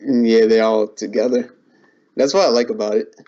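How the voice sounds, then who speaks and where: A man's voice: on the low side, fairly even intonation, moderate pace, warm tone. A young man as a guest in a casual chat, easygoing and agreeable, who hedges a lot with "like". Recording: muffled lo-fi recording.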